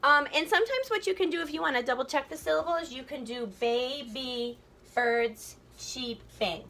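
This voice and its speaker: A woman teacher giving a recorded lesson, thinking aloud and slowly sounding out syllables. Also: high voice, animated, gravelly, pushed and bright.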